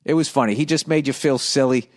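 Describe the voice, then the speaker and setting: A middle-aged comedian hosting a podcast reads listener mail and riffs on it in a profane, sarcastic rant. His voice is medium-pitched and fast.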